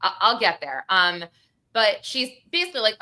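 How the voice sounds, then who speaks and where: Woman host, crying while she talks, bright tense tone, animated courtroom retelling. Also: medium pitch, fairly quick. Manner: tearful, animated, acts out courtroom quotes. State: crying, sniffly. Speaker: true crime show host. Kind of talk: emotional livestream case recap.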